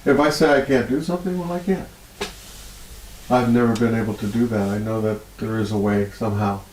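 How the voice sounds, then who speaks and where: Reverberant, poor audio with a little hiss or hum captures a healer guest talking a little fast in a storytelling interview. He's animated and full of feeling, laughing often, his voice climbing high when touched.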